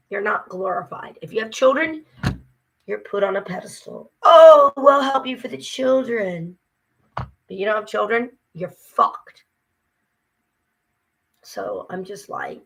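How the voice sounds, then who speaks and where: A woman's voice: mid-range voice, vocal fry, a bit bright, slightly rough, low-quality recording. An exhausted woman talking casually to her viewers, weary and frustrated, venting with mocking asides. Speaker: vlogger. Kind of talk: casual talk to camera.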